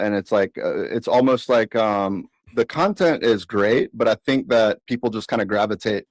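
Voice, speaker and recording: Rambling man with a low voice. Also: moderate pace, few pauses, no echo, rough recording. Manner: rambling, hesitant, full of fillers. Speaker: caller. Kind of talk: casual chat.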